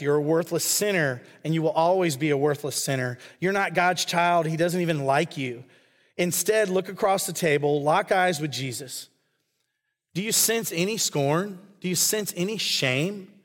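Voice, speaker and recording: Earnest preacher in a reverberant hall. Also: male voice, fairly high pitch. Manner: earnest, conversational, acts out imagined quotes. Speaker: pastor. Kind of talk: sermon.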